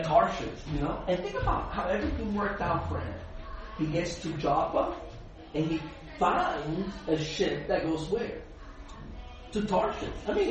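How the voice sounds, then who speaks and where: A man leading a group Bible study, animated, asking the group questions and laughing often. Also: sits high, a little hiss or hum.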